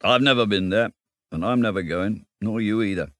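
A man reading a storybook, voicing a cheerful, self-assured male water rat who talks briskly and chattily. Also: fairly low pitch, a bit bright, no echo, voice pushed up, close to an everyday voice. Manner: brisk, chatty, lightly laughing.

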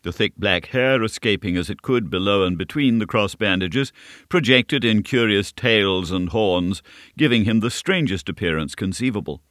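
A man reading a classic novel aloud as scripted narration, in a measured, steady storytelling manner. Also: lowish voice, no echo, clean studio sound. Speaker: audiobook narrator.

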